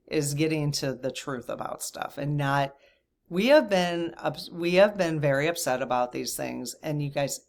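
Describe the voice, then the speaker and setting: A woman hosting her own channel, chatting casually to viewers in a rambling way, with frequent restarts and laughter. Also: low voice. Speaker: channel host. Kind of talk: casual chat to camera.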